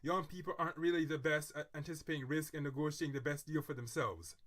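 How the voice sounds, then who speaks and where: Guy vlogging, reads an article then preaches about it, kinda high, super bright and punchy, dramatic. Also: steady tone, fast talker. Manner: dramatic, theatrical asides; earnest, moralizing tone. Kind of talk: reading an article aloud, then personal commentary.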